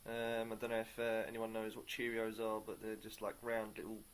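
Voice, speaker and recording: A man reviewing a beer on camera in a casual, upbeat way, pausing often to search for words. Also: on the low side, monotone, a little hiss or hum. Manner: upbeat and enthusiastic.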